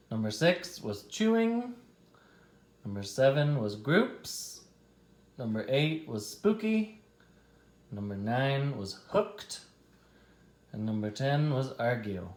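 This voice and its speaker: A man teaching a class, dictating a spelling test slowly and deliberately, stretching out each test word. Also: mid-range voice, darkish tone, echoey room.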